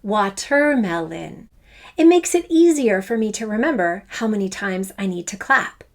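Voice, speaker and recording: A woman's voice: mid-range voice, very animated, normal speed, a little mellow. A woman teaching a children's music lesson. She sounds enthusiastic and encouraging, chants fruit names in rhythm, and draws out the syllables. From Canada. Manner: enthusiastic, encouraging, speaks straight to the learner.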